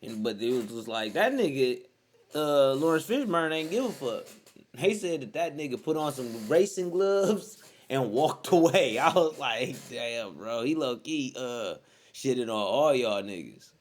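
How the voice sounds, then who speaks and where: A young man hosting a reaction video, giving blunt, slangy commentary with excitable outbursts. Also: medium pitch, a little slow.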